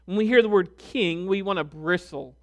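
A man preaching a sermon as pastor, reading scripture with deliberate emphasis. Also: high-pitched. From United States.

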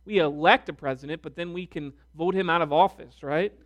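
A man preaching a sermon as pastor, reading scripture with deliberate emphasis. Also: a little high. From United States.

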